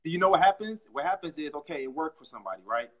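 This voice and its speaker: A quick-talking man with a husky, slightly breathy voice, coming through a muffled lo-fi live stream. He makes his points with emphatic energy and sounds animated. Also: on the high side. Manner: fast, emphatic, animated storytelling. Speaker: network marketer and guest. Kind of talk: casual live-stream chat.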